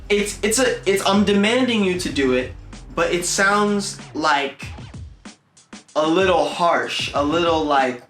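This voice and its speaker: A man's voice: high-pitched, expressive, slow pace, a bit bright. A young man with a New York accent giving a casual English lesson to the camera, loose and chatty, acting out example phrases. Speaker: English teacher on a video channel. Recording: echoey room with faint music.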